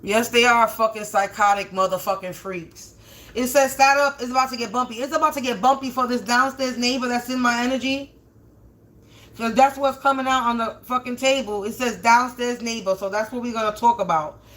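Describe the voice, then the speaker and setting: A woman's voice: on the high side, steady tone, a little fast, fairly bright tone. A woman hosting a livestreamed spiritual reading, swearing heavily and rambling indignantly with restarts and stutters. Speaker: spiritual reader, livestream host. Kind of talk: livestreamed tarot-style reading, profane rant.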